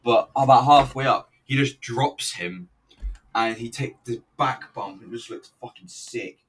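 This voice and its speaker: A man's voice: mid-range voice, measured pace, distant mic, slight background noise. A man casually reviewing an old wrestling event, rambling, swearing and joking as he watches. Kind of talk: casual video commentary.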